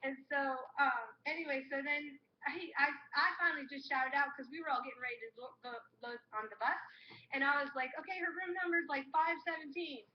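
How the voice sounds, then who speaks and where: A woman's voice: high voice, fairly quick. A woman co-hosting a live show, telling a travel story with lots of acted-out dialogue. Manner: animated, acts out what people said. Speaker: co-host of a live crafting show. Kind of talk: casual storytelling chat. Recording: muffled live-stream audio with faint hum.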